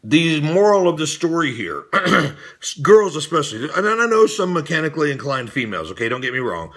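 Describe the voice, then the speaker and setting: A man's voice: on the high side, big pitch swings, brisk. A middle-aged man ranting to camera, direct and plain-spoken as he lectures his viewers. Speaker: fitness channel host. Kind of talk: irritated rant to camera.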